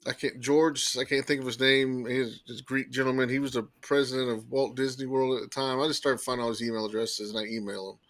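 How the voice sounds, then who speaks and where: Animated man telling a story, dry sound. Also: medium pitch, no echo. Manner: animated, emphatic retelling with acted quotes. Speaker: podcast guest telling a story. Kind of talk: casual storytelling.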